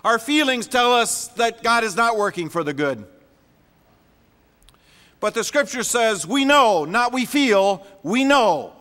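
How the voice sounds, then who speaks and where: A man's voice: very high-pitched, expressive, takes it slowly, bright, forceful tone, big-room sound. A man preaching a sermon as a pastor, emphatic and repeating words for stress.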